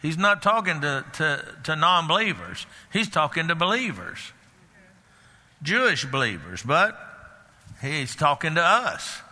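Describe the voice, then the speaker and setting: An older man delivers a sermon in a slightly high, very bright voice. His talk is folksy and halting, full of fillers and restarts. The sound carries a long hall reverb. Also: big pitch swings. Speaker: pastor.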